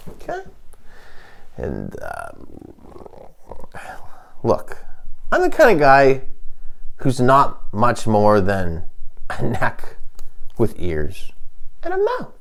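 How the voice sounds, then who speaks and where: A man rambling through a comic monologue in a slow, unhurried delivery. His pitch swings wildly from low mutters to high yelps. He halts often with fillers and restarts, throwing out sardonic, deadpan jabs. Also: vocal fry. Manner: halting, full of fillers and restarts. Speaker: comedian host.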